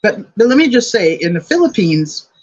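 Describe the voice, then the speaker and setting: A woman's voice: medium pitch, big pitch swings, normal speed, a little mellow, breathy edge, lo-fi sound. An older woman co-hosting a casual commentary chat, reasoning things out aloud in a thoughtful way. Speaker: co-host.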